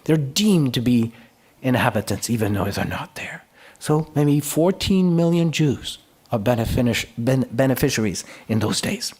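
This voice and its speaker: A man's voice: medium pitch, unhurried, husky. A middle-aged man giving a conference lecture, telling history as a story with many fillers and restarts. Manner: storytelling, recounting historical debates and quoting speakers in lively voices.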